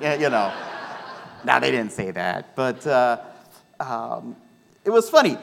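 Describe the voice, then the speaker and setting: A male pastor with a Midwestern American accent, preaching a sermon and telling a personal story with lively, acted-out quotes. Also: medium pitch, a little slow, vocal fry, pauses often. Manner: animated storytelling, acts out voices in quotes.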